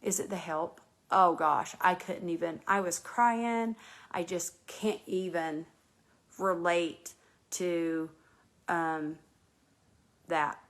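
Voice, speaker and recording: A woman's voice: on the low side, fairly even intonation, slow, long pauses. A woman from North Carolina hosting a casual live chat, talking earnestly and rambling with many restarts and fillers. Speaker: host.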